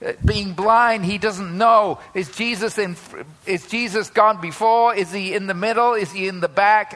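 A man preaching a sermon in a bright, clear voice that sits high for a man. His delivery is conversational, full of asides and quick tag questions to the listeners.

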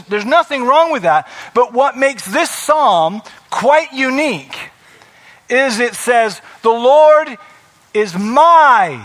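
A man's voice: very high-pitched, pushed and bright. A middle-aged male pastor preaching a sermon, earnest, asking rhetorical questions and repeating phrases for emphasis.

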